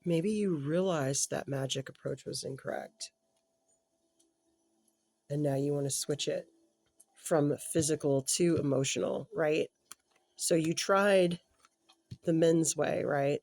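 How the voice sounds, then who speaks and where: Speaking at a medium pitch with fairly even intonation, a tarot reader thinks aloud through a casual reading for an unseen client. They falter and revise as they go, remaining gentle and empathetic, occasionally slipping into a soft murmur.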